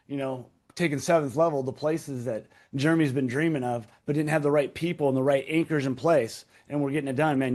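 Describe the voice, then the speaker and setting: A man's voice: on the high side, darkish tone. A man in his thirties, a podcast guest, telling a raw personal story with emphatic repetition and swearing. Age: 30s. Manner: emphatic, repeats key phrases, swears. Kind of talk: intense storytelling in interview.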